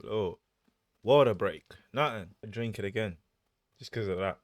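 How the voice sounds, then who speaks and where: A man's voice: low-pitched, fairly quick, creaky, a little mellow, soft background music. A man hosting in a casual chat, joking and playful, swearing casually. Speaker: host.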